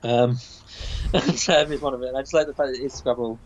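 A man's voice: medium pitch, fairly even intonation, a little fast, a little hiss or hum, low-quality recording. A man chatting casually about a comic book, rambling with many fillers and restarts.

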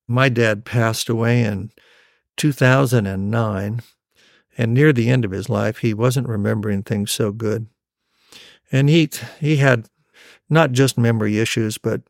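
A man telling a family story with unhurried, wry timing. His voice is gravelly, in a middle range for a man, recorded close and dry. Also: mid-range voice, no room sound.

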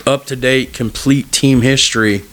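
A man's voice: mid-range voice, fairly even intonation, moderate pace, a bit bright. A man in his thirties co-hosting a podcast in casual chat, joking and rambling, often slipping into voices to tell a story. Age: 30s. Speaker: podcast co-host.

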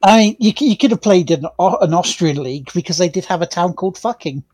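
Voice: medium pitch, expressive, fast, a little mellow, breathy edge, dry recording. A podcast co-host in casual chat, trading dry, wry quips.

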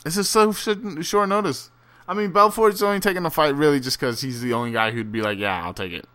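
A man's voice: a little high, fairly even intonation, a little fast, sharp tone. A man rambling through a casual, profane solo monologue with many fillers and restarts, turning incredulous and ranting at times. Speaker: solo fight commentator.

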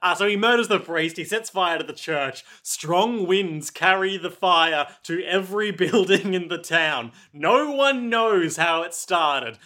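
A man co-hosting a casual recap chat, joking and throwing in quick asides. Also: sits high, expressive, sharp tone. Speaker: podcast co-host.

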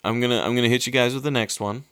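A man's voice: mid-range voice, fairly even intonation, very fast, fairly bright tone, smooth, no echo, studio quality. A man hosting a casual quiz game among friends, talking in a laid-back, hesitant way with lots of fillers and casual swearing. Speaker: quiz host. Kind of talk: casual podcast chat.

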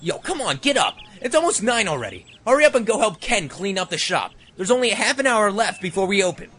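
A man's voice: medium pitch, sing-song, normal speed, sharp tone. A man voicing a laid-back, teasing young man in a fan audio drama. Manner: teasing, breezy, swings up and down.

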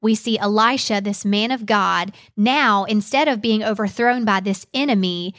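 A woman teaching a podcast Bible study, reading scripture aloud in an earnest, measured way. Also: medium pitch, fairly bright tone.

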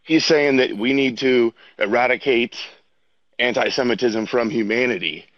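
A man's voice: medium pitch, moderate pace, fairly bright tone, no room sound, highs cut off. A man out of breath as he walks outdoors, arguing insistently as a debate guest. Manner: insistent, argumentative. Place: outdoors, walking.

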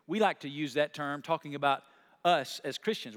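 A male pastor delivers a sermon in a high, bright, ringing voice. He repeats his key lines and calls on the congregation to answer. His delivery sweeps from hushed, slow phrases to loud, soaring ones. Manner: preaching, building from soft and slow to loud and high.

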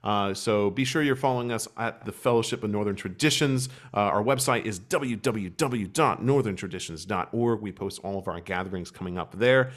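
Lowish-voiced man hosting a podcast. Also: brisk, few pauses. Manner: conversational, animated storytelling. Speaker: podcast host. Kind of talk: casual podcast chat.

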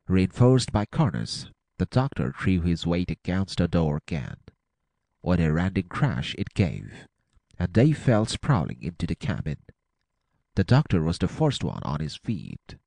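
A man reads an adventure audiobook dramatically and expressively, his very low, gravelly voice swinging widely in pitch. The recording is dry and close, with no room sound.

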